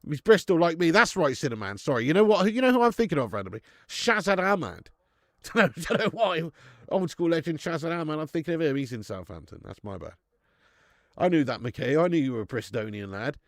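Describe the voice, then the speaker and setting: A man's voice: fairly high pitch, very animated, moderate pace, no echo, clean studio sound. A man with a Dorset accent hosting a live football watch-along, chatting casually with viewers, calling them lad and mate, swearing freely and laughing often. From Dorset, England. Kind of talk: casual live commentary and chat reading.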